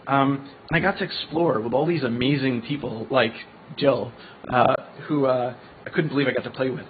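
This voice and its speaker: A man's voice: medium pitch, normal speed. A middle-aged man from Colombia telling his career story at a panel, chatty and self-deprecating. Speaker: physicist turned ocean founder, panelist. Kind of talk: personal talk at a panel. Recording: tinny phone-like line with faint noise.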